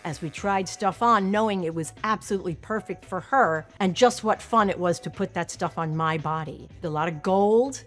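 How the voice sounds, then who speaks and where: A woman's voice: lowish voice, moderate pace, few pauses, faint music behind. A woman from Long Island, an actress speaking candidly and conversationally in an interview, with a self-deprecating manner, on a close mic. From Long Island, New York. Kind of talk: casual interview reflection.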